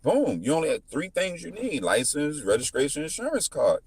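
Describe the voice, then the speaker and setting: A man in his thirties telling a story in casual chat, full of restarts, whose pitch jumps up when he quotes people. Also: fairly quick, breathy edge, no room sound. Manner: animated, repetitive restarts, jumps into high pitch when quoting. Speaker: podcast guest.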